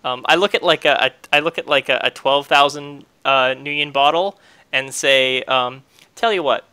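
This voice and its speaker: Bright, crisp-voiced man playing a tabletop game. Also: medium pitch, fairly even intonation, no room sound. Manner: halting, full of fillers and restarts. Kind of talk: casual in-character play.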